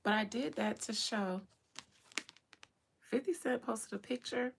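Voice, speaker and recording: A woman's voice: fairly high pitch, unhurried, vocal fry, slight background noise. A woman hosting a livestream, giving chatty commentary and often dropping into whispered asides. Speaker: livestream host. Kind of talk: casual commentary.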